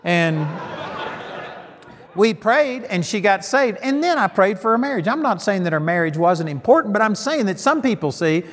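A man's voice: high voice, fairly bright tone, in a large hall. A middle-aged man preaching a sermon, telling folksy stories and landing emphatic punchlines.

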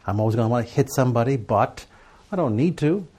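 A man's voice: mid-range voice, expressive, quick pace, warm tone, husky. A middle-aged man giving a sermon to a live audience, telling stories and asking rhetorical questions in a conversational way. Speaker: preacher teaching on prayer and journaling.

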